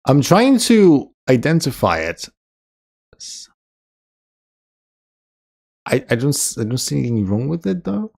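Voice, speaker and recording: A man's voice: mid-range voice, big pitch swings, measured pace, vocal fry, long pauses, darkish tone. A man casually chatting on a live stream, reading viewer comments aloud, joking and laughing often. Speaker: chess streamer.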